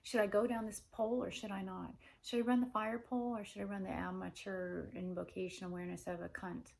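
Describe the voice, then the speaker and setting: A woman's voice: mid-range voice, level tone, fairly quick, vocal fry, a little mellow. Woman in a rambling, profane monologue. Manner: run-on questions, heavy swearing.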